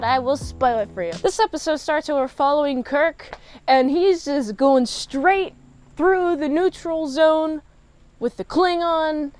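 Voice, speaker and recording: A woman giving a casual, chatty spoiler review of a TV episode, animated and quick to laugh. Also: high-pitched. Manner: chatty, animated, laughs often, acts out characters' lines.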